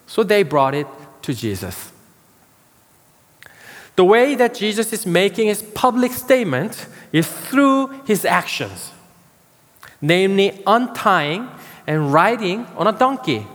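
A man preaching a sermon as pastor, slow and emphatic, pausing to stress key words. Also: high-pitched, very animated, a bit bright, long reverb tail.

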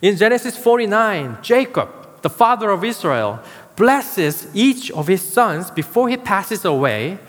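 A man preaching a sermon as pastor, slow and emphatic, pausing to stress key words. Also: high-pitched, sing-song, long reverb tail.

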